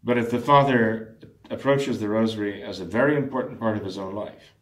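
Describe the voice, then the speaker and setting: A man with a fairly low voice talks earnestly and in a measured way, stopping to restart phrases and clear his throat. His voice carries a noticeable room echo. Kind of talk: discussion on prayer.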